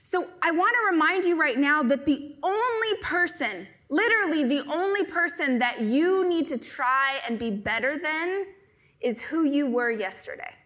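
A woman giving a live stage talk to an audience, telling stories in an animated, joking way. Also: high-pitched, measured pace. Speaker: motivational speaker.

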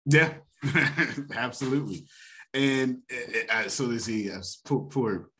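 A man hosting a motivational finance talk, animated and preacher-like, often laughing. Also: medium pitch, slow pace. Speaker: host.

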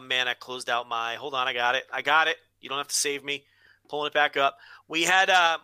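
A man's voice: a little high, bright, forceful tone, smooth, no room sound. A man co-hosting a casual wrestling podcast, blunt and opinionated, swearing freely. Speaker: podcast co-host.

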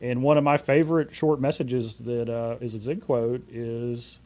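Man, 40s, interview guest, relaxed storyteller, mid-pitched voice. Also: moderate pace. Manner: relaxed, anecdotal, with filler words. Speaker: guest, company CEO. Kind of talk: conversational storytelling.

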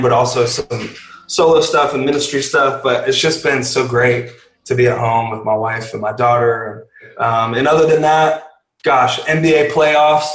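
A man in a worship band chats earnestly and loosely, full of fillers and restarts. His voice sits at an ordinary middle pitch. The room around him rings with a noticeable echo. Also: fairly bright tone. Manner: earnest, rambling with many fillers. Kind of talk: casual podcast interview.

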